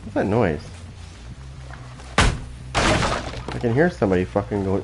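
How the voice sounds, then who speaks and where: A man's voice: fairly low pitch, very animated, slow, noisy background. Foul-mouthed man trash-talking over gameplay. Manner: trash-talking, taunting, swearing constantly. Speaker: gaming channel host. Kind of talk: profane gameplay commentary. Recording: loud game sounds behind.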